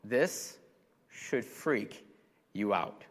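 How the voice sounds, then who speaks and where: A pastor preaching a sermon with emphatic delivery that rises to loud, urgent exhortation. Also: male voice, lowish voice, animated, extremely slow, in a large hall.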